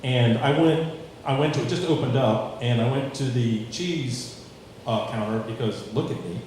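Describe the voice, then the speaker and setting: A man in his forties doing a stand-up comedy set, with a dry, self-mocking delivery and dark punchlines. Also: mid-range voice, normal speed, slight background noise. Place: comedy stage before a live audience. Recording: very echoey live room.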